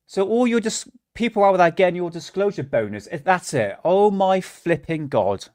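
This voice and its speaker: A man with a fairly high voice hosts a reaction stream, his talk full of exasperated swearing. He stumbles over repeated restarts as he vents. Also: expressive, moderate pace, a little mellow. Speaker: livestream host. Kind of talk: reaction livestream rant.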